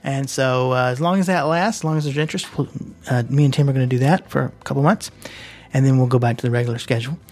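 A man's voice: mid-range voice, quick pace, a little mellow. A man hosting a podcast in a loose, rambling and jokey casual chat. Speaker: podcast host.

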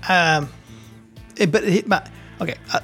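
A man's voice: high-pitched, unhurried, bright, forceful tone, breathy edge, faint music behind. A man co-hosting a casual faith discussion, hesitant and searching for his words with many restarts. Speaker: podcast co-host.

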